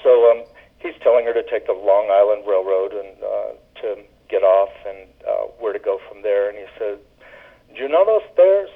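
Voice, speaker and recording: A man's voice: on the low side, level tone, normal speed, vocal fry. A man who calls in and tells rambling stories about his years as a flight attendant, with lots of ums and uhs. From Southern US. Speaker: caller, former flight attendant. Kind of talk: casual storytelling. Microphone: telephone. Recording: tinny phone line.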